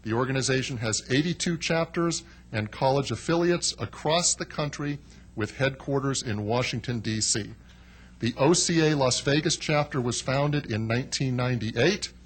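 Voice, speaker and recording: A man's voice: medium pitch, moderate pace. A man presenting proclamations at a council meeting, in a genial, joking manner with frequent fillers. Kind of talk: ceremonial remarks.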